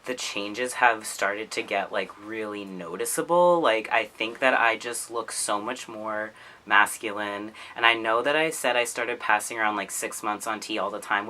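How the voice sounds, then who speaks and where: A man chatting to camera in a casual vlog. His voice is bright and on the lower side. He rambles a little, leans on "like" and breaks into laughs. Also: low-quality recording. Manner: chatty, heavy use of "like", laughs often. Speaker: vlogger.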